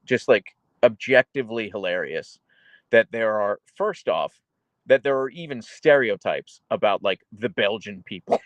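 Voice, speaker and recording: Male streamer, chatty rambler, animated intonation, dry close sound. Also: fairly low pitch, no echo. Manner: rambling and chatty, with many fillers and self-corrections. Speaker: livestream host reading chat. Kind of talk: casual livestream chat.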